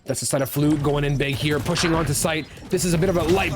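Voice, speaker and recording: A man doing live esports color commentary, steady and analytical with bursts of excitement on big plays. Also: on the high side, quick pace, few pauses, background noise.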